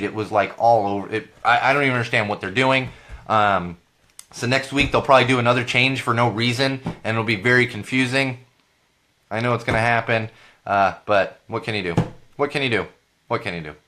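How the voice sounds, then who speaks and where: A man in his thirties with a hoarse voice from a cold, hosting a podcast in a casual rambling monologue that repeats phrases for emphasis. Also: medium pitch, bright, forceful tone. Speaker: podcast host.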